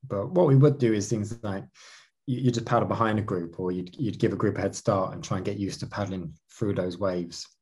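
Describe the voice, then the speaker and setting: A man's voice: lowish voice, a little fast, darkish tone, slightly rough. A man answering interview questions about his racing career, talking animatedly with many restarts. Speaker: marathon canoe racer.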